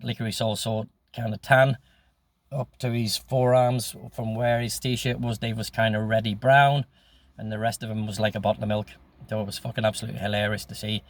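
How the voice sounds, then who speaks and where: A man's voice: lowish voice, dry recording. A man in his sixties telling his life story in a casual, rambling way, swearing freely with many ums. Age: 60s.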